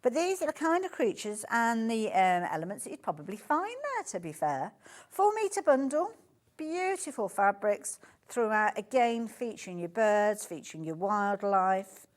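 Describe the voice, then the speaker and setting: A woman's voice: mid-range voice, sing-song, normal speed. A woman with a Birmingham accent presenting on a live shopping channel, chatty and gushing, often breaking off mid-sentence. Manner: chatty, gushing, self-interrupting. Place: TV studio.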